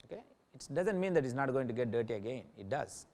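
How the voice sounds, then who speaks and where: A man's voice: medium pitch, lively intonation, fast talker, a little mellow. A male yoga teacher giving an informal talk to a class, often checking in with listeners by asking "Okay?". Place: yoga center in New Delhi.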